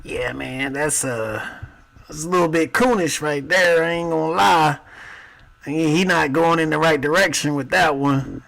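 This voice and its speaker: A man's voice: on the high side, a little slow, gravelly, fairly bright tone. A man giving blunt, profane, laid-back commentary on a clip. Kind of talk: casual commentary.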